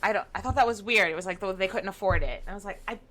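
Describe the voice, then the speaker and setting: A woman's voice: mid-range voice, very fast, a bit bright. A woman co-hosting a podcast in casual, wry chat about history. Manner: chatty, wry, swearing. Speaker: podcast co-host.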